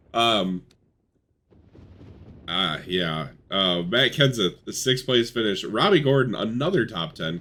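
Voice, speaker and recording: A young man giving casual, excitable commentary on a racing simulation, swearing and swinging between hype and mumbled asides. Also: medium pitch. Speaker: gaming YouTuber.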